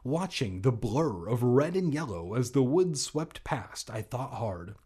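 Husky man reading a storybook aloud. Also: mid-range voice, sing-song, a little slow, dark tone. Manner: jokey asides while reading. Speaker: reader. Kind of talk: reading a children's book aloud.

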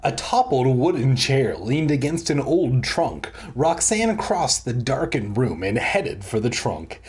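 A man giving a comic reading of a children's horror book, breaking off for deadpan crude asides between dramatic narration. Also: medium pitch, a little slow. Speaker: comic reader.

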